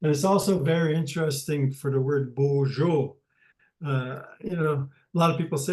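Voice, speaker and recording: An older man teaching a language lesson over a video call, speaking haltingly with many pauses and restarts. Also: fairly high pitch, darkish tone, echoey room, poor audio.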